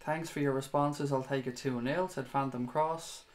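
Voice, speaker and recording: Host, young man, casual chat, mid-pitched, swears freely. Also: fairly even intonation, normal speed. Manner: chatty, swears casually, laughs at himself. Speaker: fan show host reading viewer comments.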